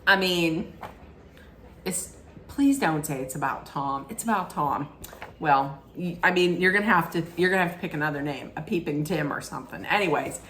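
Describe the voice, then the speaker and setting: A middle-aged woman recapping a reality show in a casual, rambling way, often correcting herself mid-sentence and throwing in animated asides. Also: low voice, moderate pace, slight background noise. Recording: echoey room with faint ambience.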